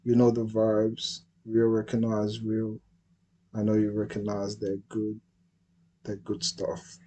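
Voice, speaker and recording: A man's voice: lowish voice, monotone, slow, mellow, a little hiss or hum, rough recording. A man hosting his own livestream, talking in a laid-back, slangy way and often checking that listeners follow him. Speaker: livestream host. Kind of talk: casual livestream chat.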